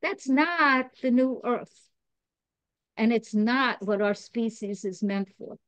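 A woman's voice: fairly high pitch, slow, fairly bright tone, smooth, dry recording. New york lady guest on a podcast, rambly and earnest, laughs at herself, dry close sound. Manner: chatty, digressive, self-laughing, earnest about spiritual growth. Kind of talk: casual chat.

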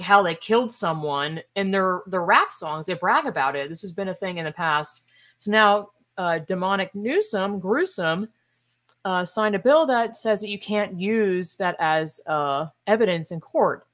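A woman's voice: fairly low pitch, a bit bright. A woman hosting a podcast, delivering a casual commentary monologue in a sarcastic, exasperated and emphatic way, with scoffing asides. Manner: opinionated and emphatic. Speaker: podcast host.

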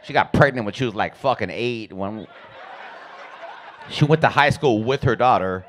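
A man's voice: medium pitch, moderate pace, fairly bright tone, slight background noise. A man doing stand-up comedy, telling profane family stories and acting out his relatives. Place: comedy club stage.

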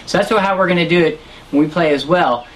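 A man teaching a harmonica lesson, explaining technique in a relaxed way and correcting himself as he goes. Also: a little high, fairly quick, a little hiss or hum, low-quality recording. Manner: demonstrates sounds and counts beats aloud. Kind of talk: instructional lesson.

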